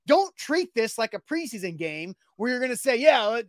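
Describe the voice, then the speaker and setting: A man co-hosting a sports talk show, arguing his points emphatically and getting animated as he makes his case. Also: very high-pitched, moderate pace, no room sound, clean studio sound.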